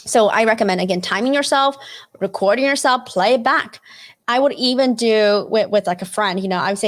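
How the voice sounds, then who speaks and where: A woman's voice: on the high side, fairly quick. Chatty woman coaching over a video call. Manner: chatty, many fillers like "like" and "you know", frequent "right?" tag questions. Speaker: career coach hosting a live webinar. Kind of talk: casual instructive webinar talk.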